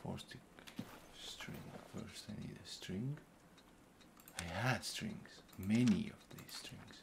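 Low, creaky man muttering over gameplay. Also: slow, noisy background. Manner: thinks aloud while playing, muttering to himself. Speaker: gaming channel host. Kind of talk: casual gameplay commentary. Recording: loud keyboard typing and clicks.

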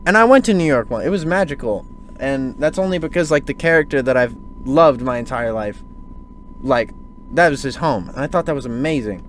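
Animated man ranting on a podcast. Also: medium pitch, a little fast, a little hiss or hum. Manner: animated, swears freely, rants. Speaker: podcast host. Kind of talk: casual podcast chat.

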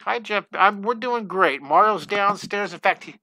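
Excitable older guy running a live drawing class from home, high bright voice, kinda all over the place. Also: normal speed. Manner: excitable, gushing, scattered. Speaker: drawing teacher. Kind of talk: live online drawing lesson, greeting viewers. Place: home studio. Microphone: headset.

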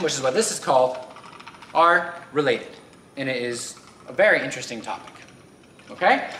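A man's voice: on the high side, bright, forceful tone, a little hiss or hum. A man explaining physics step by step as he demonstrates with a spinning wheel. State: a little out of breath. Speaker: physics teacher. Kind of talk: hands-on science demonstration. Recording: roomy echo, faint ambience.

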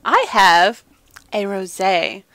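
Chatty woman on a gaming podcast, bright voice, dry mic. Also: medium pitch, very animated, slow, no room sound. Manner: chatty, self-deprecating. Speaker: podcast co-host. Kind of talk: casual podcast chat.

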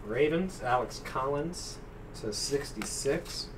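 A man's voice: medium pitch, animated, slow pace. A man hosting a live sports card break, reading out cards and names and joking with the room. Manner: jokey, rattles off names and cards. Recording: distant mic with noisy room.

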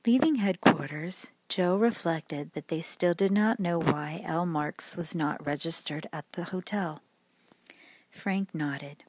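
A woman narrating a bedtime story in a soft, gentle voice that sometimes drops almost to a whisper. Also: on the low side, unhurried, no echo.

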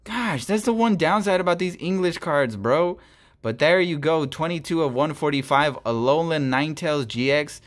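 A young man opening trading cards on his channel, talking excitedly and grumbling between pulls. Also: a little high, moderate pace. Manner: animated, swings between squeals and grumbling. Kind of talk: excited card-opening vlog.

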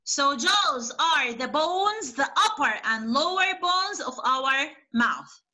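A young woman teaching a spelling lesson to young children online, repeating each word slowly and patiently. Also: high-pitched, expressive, pushed and bright, poor audio.

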